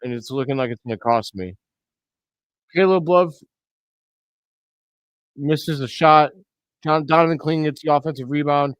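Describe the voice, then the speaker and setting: A man hosting a live reaction stream, giving blunt, excitable play-by-play commentary with loud outbursts. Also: on the high side, normal speed, pauses often, smooth, dry recording. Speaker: host of a fan reaction stream.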